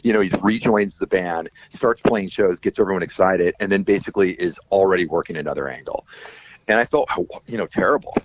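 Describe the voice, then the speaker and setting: A middle-aged man with a fairly low voice tells stories as a podcast guest. He swears freely and acts out other people's lines as he goes. The audio is muffled and lo-fi. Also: a little fast. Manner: animated, profane, acts out quoted voices. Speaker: guest musician. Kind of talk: casual storytelling interview. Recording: dull lo-fi audio.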